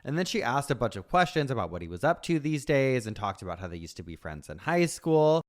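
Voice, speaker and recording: Lively, teasing woman podcast co-host. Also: rumbling low, a little fast. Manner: playful, teasing banter. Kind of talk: casual chat and reading a listener post.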